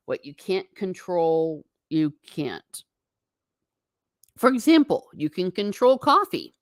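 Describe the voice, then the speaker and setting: Low-voiced woman chatting on a stream. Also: sing-song, dry recording, clean studio sound. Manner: chatty, wandering, quick asides to herself. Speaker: livestream host. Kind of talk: casual chat with viewers.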